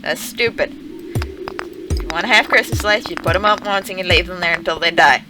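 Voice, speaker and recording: A woman's voice: on the low side, brisk. A woman streamer telling rambling stories while playing a game, swearing freely and laughing often. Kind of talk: casual storytelling while playing a farming game. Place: home streaming setup. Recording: game music playing underneath. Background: game music.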